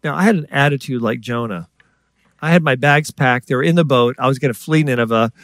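A man preaching a sermon in a lively storytelling way, acting out voices and joking with the congregation. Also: mid-range voice, a little fast, no room sound. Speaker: guest preacher. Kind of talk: sermon with stories.

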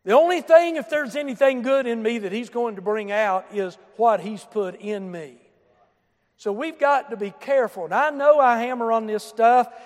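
A pastor with a strikingly high voice delivers an emphatic sermon at normal speed, dropping to quiet asides before rising to shouted emphasis. The long reverb of the church sanctuary rings around his words.

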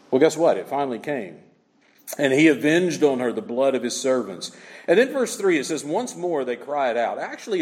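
A man preaching an expository sermon, emphatic and animated, rising to shouts of praise. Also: fairly high pitch. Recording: long reverb of a large hall.

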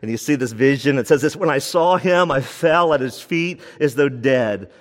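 A man preaching a sermon as pastor, fervent, with big swings between raised and hushed passages. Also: medium pitch, moderate pace, long reverb tail.

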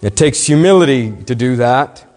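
A man's voice: mid-range voice, lively intonation, a little mellow. Man preaching in an echoing hall. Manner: earnest, questioning, emphatic preaching with slowed stresses. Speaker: pastor. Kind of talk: sermon.

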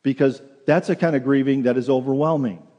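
A man's voice: medium pitch, steady tone, brisk, dull audio. A male pastor preaching a sermon in earnest, often repeating words as he restarts a phrase, in a church sanctuary. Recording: long hall reverb.

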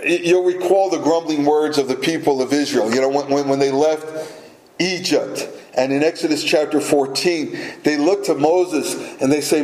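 A man preaching a sermon as pastor, deliberate and emphatic, repeating words for weight. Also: on the high side, fairly even intonation, darkish tone, reverberant, rough recording.

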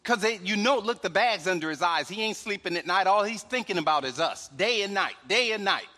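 A man preaching a sermon in a relaxed, conversational way, tossing in "right?" asides and chuckles, recorded in a church hall with long reverb. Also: high voice, fairly quick. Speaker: pastor.

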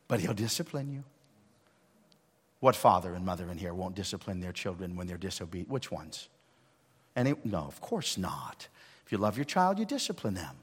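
A male pastor giving a sermon, swinging between hushed lines and loud emphatic ones. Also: low-pitched, sing-song, normal speed, pauses often, husky. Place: church sanctuary. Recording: long hall reverb.

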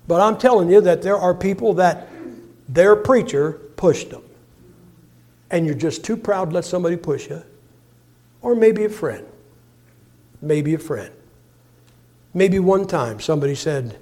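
Folksy high-voiced preacher in his 60s. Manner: folksy, humorous storytelling with sudden loud bursts. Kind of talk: sermon.

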